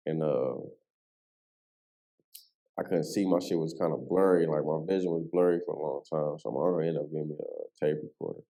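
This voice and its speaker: A man telling a personal story in casual street slang, full of "you know what I'm saying" and animated as he relives what happened. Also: extremely low pitch, brisk. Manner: animated, voice rises sharply when reliving the moment. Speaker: podcast guest.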